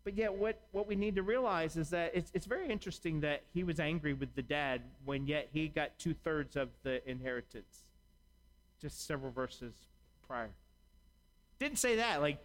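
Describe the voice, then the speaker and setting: Conversational preacher with a higher voice. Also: male voice, moderate pace, low-quality recording. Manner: conversational, acts out imagined dialogue. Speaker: pastor. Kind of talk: sermon.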